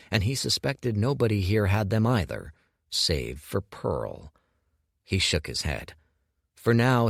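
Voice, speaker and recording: A man narrating an audiobook with measured, expressive storytelling on a close studio mic. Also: sits low, no echo. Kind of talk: scripted narration.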